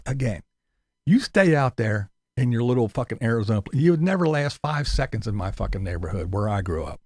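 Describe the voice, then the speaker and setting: Swearing man ranting at his haters, pitch jumping all over, dry close sound. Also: lively intonation, brisk, darkish tone, no room sound. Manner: profane ranting with mocking high-pitched impressions. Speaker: YouTuber. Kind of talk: angry ranting vlog.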